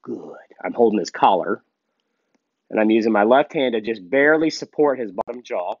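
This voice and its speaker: A man training a gun dog and explaining each step casually, breaking off for sharp commands to the dog. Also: on the low side, animated, fairly quick, dry recording, dull audio. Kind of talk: hands-on training demonstration.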